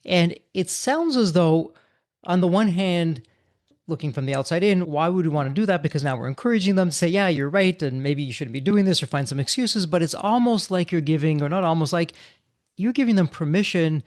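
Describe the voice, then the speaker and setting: Higher-pitched man hosting, dry. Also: animated, a little fast, darkish tone, no echo. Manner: recaps the guest's points in his own words. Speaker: podcast host. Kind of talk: conversational interview.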